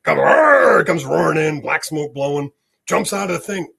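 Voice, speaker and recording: A man guest on a spiritual podcast, telling a story in an animated way and often checking in with "okay?". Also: on the high side, moderate pace, creaky, husky.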